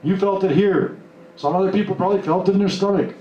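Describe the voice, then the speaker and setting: Blunt animated male speaker, echoey room. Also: high-pitched, quick pace, muffled recording. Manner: blunt, animated storytelling with acted-out quotes. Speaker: motivational speaker. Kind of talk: live talk to an audience. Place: room with a live audience. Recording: echoey room, mic at a distance, faint noise.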